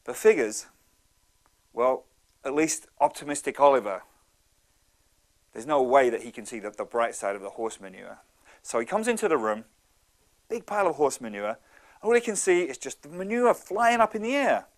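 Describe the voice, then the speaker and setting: A man in his thirties giving a motivational talk, telling stories in an animated, conversational way. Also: mid-range voice, normal speed, pauses often. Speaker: speaker.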